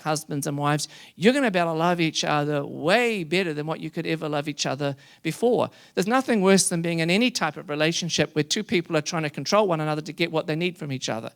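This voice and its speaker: A man preaching a sermon to a congregation, animated and emphatic, rising into loud emphasis. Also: on the high side, creaky. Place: church hall before a congregation.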